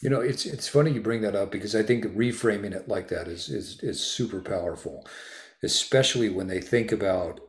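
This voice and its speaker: A man hosting a podcast, telling stories in an animated way and swearing for emphasis. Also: on the low side, a little fast. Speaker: podcast host. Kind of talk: casual podcast conversation. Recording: roomy echo.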